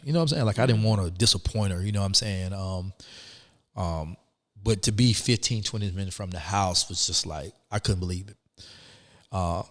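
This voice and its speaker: A middle-aged man, a guest telling his story in an animated, emphatic way, full of "man" and "you know what I'm saying". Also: low-pitched, big-room sound. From Atlanta, Georgia. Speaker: interview guest. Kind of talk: conversational storytelling.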